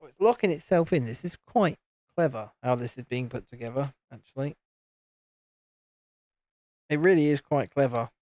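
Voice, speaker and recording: A man's voice: mid-range voice, normal speed, long pauses, a little mellow, dry recording. A man from the UK hosting a casual livestream, chatting and reading out viewer comments while he builds a model. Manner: chatty, reads out viewer comments, chuckles often. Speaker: livestream host.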